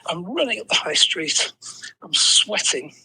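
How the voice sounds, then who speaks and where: An English man in his sixties tells a story on a podcast, his voice very bright and cutting but breathy and husky. He sits a touch high for a man and laughs at his own mishaps, stringing lines together with "you know". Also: a little slow, low-quality recording. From England. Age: 60s. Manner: animated anecdotal telling with self-deprecating laughs and frequent "you know". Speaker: podcast guest. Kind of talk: storytelling in conversation.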